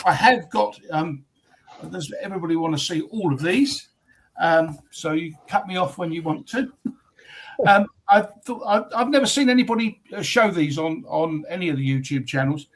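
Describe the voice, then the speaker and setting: English guest, husky, rambling storyteller, hesitant. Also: male voice, a little high, expressive, moderate pace, low-quality recording. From England. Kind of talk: casual chat.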